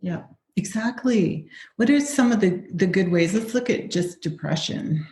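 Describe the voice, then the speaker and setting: A woman's voice: medium pitch, lively intonation, a little slow, a little mellow, roomy sound. A woman hosting a conversational interview, agreeable and affirming as she adds points. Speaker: podcast host.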